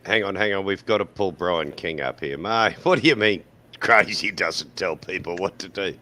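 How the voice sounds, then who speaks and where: A man's voice: deep voice, expressive, moderate pace, pushed and bright. A man in his sixties with an Australian accent, hosting a casual panel chat and telling bawdy anecdotes with frequent laughs.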